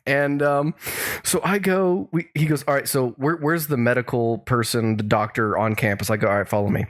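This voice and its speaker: A man's voice: mid-range voice, fairly even intonation, moderate pace. A man co-hosting a podcast, telling a long story in casual chat with many restarts and chuckles. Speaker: podcast co-host.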